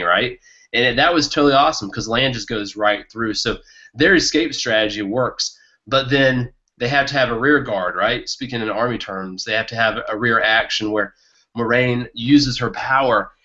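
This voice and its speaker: Excitable man, bright tone, muffled audio. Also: medium pitch. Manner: enthusiastic, excitable, laughs often. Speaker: podcast co-host. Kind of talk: casual book discussion.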